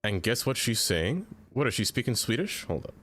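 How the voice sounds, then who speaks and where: A man chatting casually on a live game stream, playful and quick to laugh. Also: medium pitch, big pitch swings, a bit bright. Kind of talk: casual live-stream chat while gaming.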